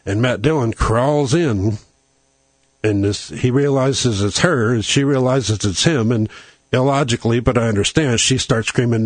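A man's voice: medium pitch, normal speed, no echo. A man hosting a talk show, telling a long rambling story in a casual way. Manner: rambling storyteller who acts out quoted lines.

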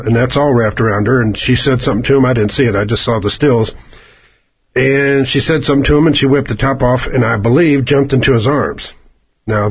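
A man's voice: medium pitch, husky. A man delivering a rambling, sarcastic opinion monologue as a radio commentator, drifting between asides. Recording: dull lo-fi radio broadcast.

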